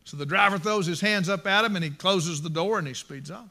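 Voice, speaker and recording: A man's voice: high voice, brisk, creaky, sharp tone. A man preaching a sermon, impassioned and emphatic, repeating his phrases for emphasis.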